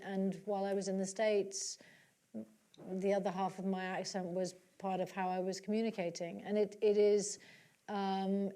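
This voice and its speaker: A woman's voice: medium pitch, warm tone. A woman with a British accent speaking on stage in a conversation, hesitant, with many restarts and fillers. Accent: British English. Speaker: guest at a literary talk. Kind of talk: onstage conversation with audience questions.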